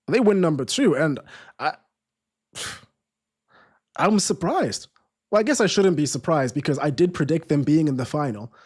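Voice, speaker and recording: A man's voice: on the high side, animated, normal speed, pauses often, husky. Chatty male football streamer. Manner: chatty, restarts sentences, reads viewer comments aloud. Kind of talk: live stream commentary and chat.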